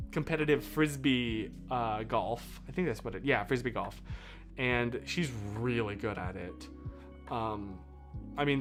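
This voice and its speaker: Animated rambling male streamer. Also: medium pitch. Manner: rambling, animated, self-interrupting. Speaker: livestreamer. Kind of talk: casual livestream chat. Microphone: boom mic out of shot.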